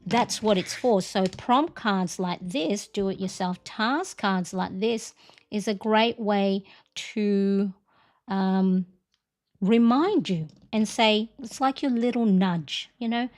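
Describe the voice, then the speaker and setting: A woman's voice: medium pitch, takes it slowly. A middle-aged woman chatting on a planner livestream, talking casually and tagging her points with "right?" and "you know". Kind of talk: casual chat.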